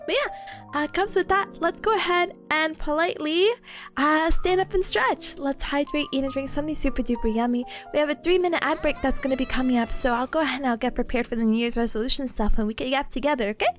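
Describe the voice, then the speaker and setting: A woman's voice: sits high, fast talker, soft background music. An American woman chatting casually with her viewers on a livestream, bubbly and giggly as she greets them by name. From United States.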